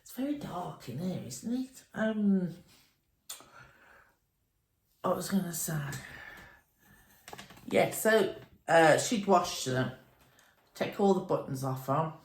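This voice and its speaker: A middle-aged woman spins a rambling story at an unhurried pace. Her voice sits a little low, and she sounds like she is in a room with plenty of echo. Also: darkish tone. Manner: chatty, meandering, nostalgic storytelling. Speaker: crochet vlogger. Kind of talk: rambling reminiscing chat. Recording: echoey room.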